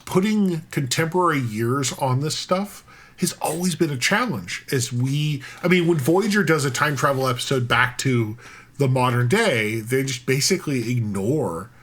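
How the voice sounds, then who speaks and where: A man co-hosting a podcast in casual chat, animated and rambling, with frequent restarts and casual swearing. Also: medium pitch, moderate pace. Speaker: podcast co-host.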